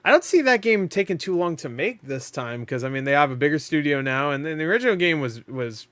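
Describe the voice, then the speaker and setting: A man hosting a casual reaction chat, excitable, often laughing and swearing freely. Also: fairly high pitch, fast talker, dry recording. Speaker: host of a reaction channel.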